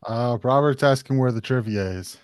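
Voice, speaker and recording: A man's voice: medium pitch, normal speed, a little mellow, clean tone, dry recording. Co-host, man, hesitant rambly talk, dry mic. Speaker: co-host reading chat. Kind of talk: casual chat.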